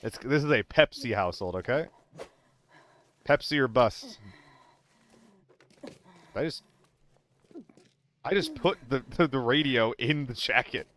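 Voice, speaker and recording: Playing a shooter alone on stream, a young man keeps up a chatty, profane running commentary for his viewers, joking with chat and switching topics often. His medium-pitched voice has lively intonation and a fairly bright tone, moving at a measured pace with frequent pauses over a slight hiss or hum.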